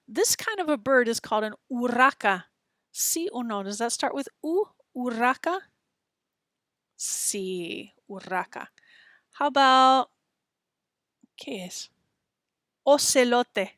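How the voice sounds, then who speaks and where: Slow, patient woman teaching vowels. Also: on the high side, fairly bright tone, dry recording, studio quality. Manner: patient, models sounds for repetition. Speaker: Spanish teacher. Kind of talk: slow, clear textbook lesson.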